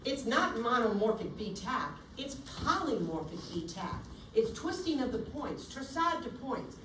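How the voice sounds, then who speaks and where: A woman teaching a nursing class in a lively, theatrical way, acting out bedside scenarios as she lectures. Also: a little high, unhurried, recorded from a distance, noisy background. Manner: animated, theatrical, acts out scenarios. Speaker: nursing instructor. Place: lecture room. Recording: echoey room, recorded from afar.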